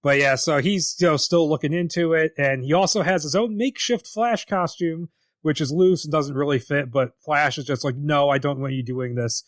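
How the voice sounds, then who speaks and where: A man's voice: a little high, lively intonation, normal speed, no room sound, studio quality. A man co-hosting a podcast in casual chat, wry and laughing easily as he retells scenes, with some swearing. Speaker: podcast co-host.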